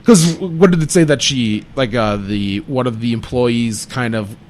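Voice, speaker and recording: A man's voice: medium pitch, measured pace, a little mellow. A man co-hosting a podcast who reacts to a story with indignant, profane outbursts. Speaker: podcast co-host. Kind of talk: casual podcast chat.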